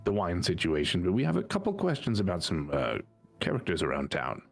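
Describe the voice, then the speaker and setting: A man's voice: low voice, wildly swooping pitch, fairly quick, gravelly, faint music behind. A man playing a tabletop game who talks in character in a hesitant, polite way and often restarts his sentences. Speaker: player.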